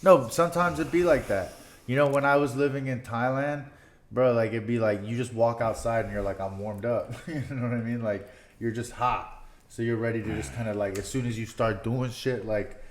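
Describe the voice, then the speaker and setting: A man's voice: medium pitch, steady tone, moderate pace. A laid-back young man with a mid-range voice, chatting casually on a podcast. He laughs easily and drops "bro" all the time. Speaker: podcast co-host and fighter. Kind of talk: casual chat.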